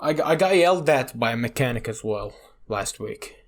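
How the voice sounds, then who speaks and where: A man's voice: medium pitch, animated, a little fast. A young man from Iraq co-hosting a podcast, telling stories in a rambling, swear-filled way and leaning on "you know". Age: young adult. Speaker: podcast co-host. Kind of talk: casual chat.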